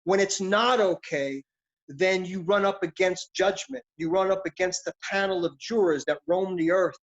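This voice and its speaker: A man's voice: high-pitched, moderate pace. Reflective middle-aged man, lo-fi sound. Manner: philosophical, street-casual. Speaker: actor guest. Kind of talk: reflective interview talk. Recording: dull lo-fi sound.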